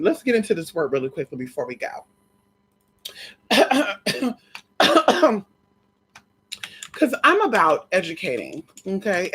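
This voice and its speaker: A woman's voice: medium pitch, husky. A woman vlogger telling a story in casual chat, gossipy, calling listeners girl and honey, swearing and repeating phrases for emphasis.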